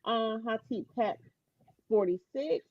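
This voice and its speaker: A woman's voice: on the high side, lively intonation, slow pace, no echo, lo-fi sound. A woman with a Georgia Southern accent, co-hosting a casual podcast chat and laughing often. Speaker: podcast co-host. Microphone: remote live-stream call.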